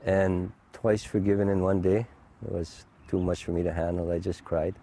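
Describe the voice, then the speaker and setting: Deep, flat-voiced middle-aged man. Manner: halting, heartfelt, many fillers and restarts. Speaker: guest sharing a testimony. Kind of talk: personal faith testimony.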